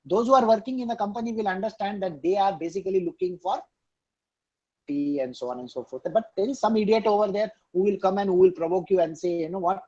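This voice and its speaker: A man's voice: high voice, fast, darkish tone, lo-fi sound. A man giving an emphatic scripture discourse over a video call, repeating key lines and asking his listeners questions. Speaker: spiritual teacher. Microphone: online video call.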